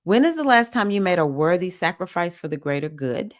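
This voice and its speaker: A woman's voice: lowish voice, sing-song, brisk. Southern-accented woman hosting a live chat. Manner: warm, encouraging, reads comments aloud and cheers viewers. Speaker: spiritual teacher hosting a live session. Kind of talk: casual live-stream chat.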